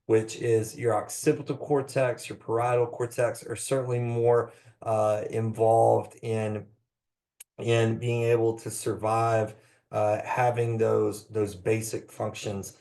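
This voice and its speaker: A man's voice: fairly low pitch, flat delivery, slow, a little mellow. A man giving a live presentation to clinicians on trauma-informed care, talking with many ums, uhs and restarts. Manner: hesitant, many fillers and restarts.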